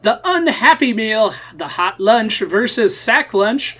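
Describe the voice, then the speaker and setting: A man co-hosting a podcast in casual chat, dropping dry, deadpan quips. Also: high-pitched, takes it slowly, husky. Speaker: podcast co-host.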